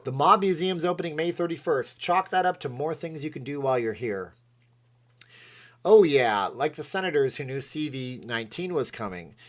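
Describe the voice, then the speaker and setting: A man hosting a casual livestream, rambling and excitable as he reads out chat comments. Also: on the high side, normal speed. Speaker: livestream host.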